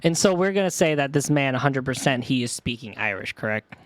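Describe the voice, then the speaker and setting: Animated male streamer. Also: medium pitch, brisk, no echo. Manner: apologetic, joking, animated. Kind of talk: casual gameplay commentary.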